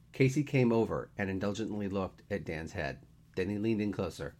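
A man reading a story aloud, narrating with expressive delivery. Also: deep voice, normal speed.

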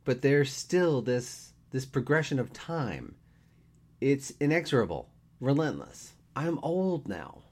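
A man's voice: mid-range voice, big pitch swings, slow pace, voice pushed up. A man voicing a whiny, melodramatic man about to turn thirty, in a read-aloud story. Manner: whining, theatrical.

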